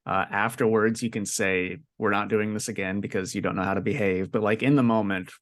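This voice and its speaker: A man's voice: fairly low pitch, fairly even intonation, a little fast. Profane, exasperated young man chatting. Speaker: podcast co-host. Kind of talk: casual chat.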